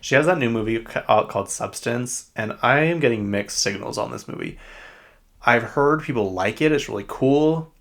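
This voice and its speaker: A man's voice: mid-range voice, lively intonation, normal speed, a bit bright. A man with a Utah accent hosting a podcast, rambling through casual pop-culture chat. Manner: rambling and chatty, with frequent fillers. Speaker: podcast host.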